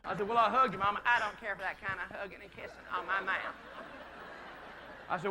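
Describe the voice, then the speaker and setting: A man tells a rambling family story in a folksy drawl. His voice sits high and sounds sharp and bright, with a faint hiss of room noise behind it from a played video. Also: fairly even intonation, brisk, long pauses. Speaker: storyteller on stage.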